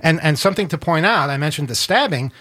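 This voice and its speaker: A man from Queens with a New York accent hosts a political talk show. His voice sits a little high, and he gropes through fillers and restarts as he makes earnest points. The recording is dry and close. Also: lively intonation, bright, forceful tone, dry recording. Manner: halting, many fillers, earnest. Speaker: show host.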